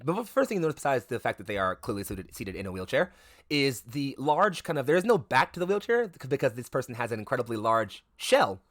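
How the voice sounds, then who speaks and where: Rambling game master, dry sound. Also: male voice, mid-range voice, sing-song, fairly quick, a bit bright, dry recording. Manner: rambling, filler-heavy, self-correcting. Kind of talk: narrating a tabletop game stream.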